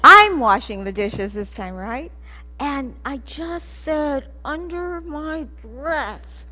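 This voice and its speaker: A middle-aged woman giving a personal storytelling talk as a guest speaker in a church sanctuary, animated and acting out scenes. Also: sits high, slow. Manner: animated, acts out scenes and laughs at her own story.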